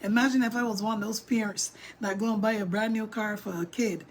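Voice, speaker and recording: A middle-aged woman vlogger telling a story to her viewers, animated and emphatic, speaking straight to them. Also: mid-range voice, brisk, slight background noise.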